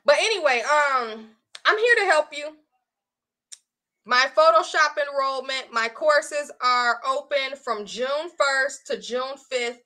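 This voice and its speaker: Chatty high-voiced woman on a livestream. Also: takes it slowly. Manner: chatty, animated, addresses viewers as y'all. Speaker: online course creator. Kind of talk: casual live-stream chat.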